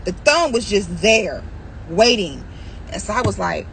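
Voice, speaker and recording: A woman's voice: medium pitch, sing-song, a little slow, fairly bright tone, a little hiss or hum, poor audio. A woman vlogger telling a story and ranting straight to her viewers, acting out what people said and laughing often. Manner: acts out quoted voices, laughs often, addresses viewers directly. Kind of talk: animated storytelling rant.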